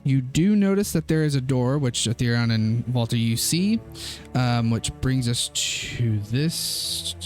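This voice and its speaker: A man's voice: mid-range voice, faint music behind. Young man narrating as game master. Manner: relaxed, chuckling, halting with fillers.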